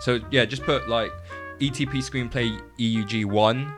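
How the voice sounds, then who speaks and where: A man's voice: medium pitch, steady tone, moderate pace. A young man co-hosting a podcast, rambling and stumbling over his words in casual chat. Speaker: podcast co-host. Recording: music playing behind.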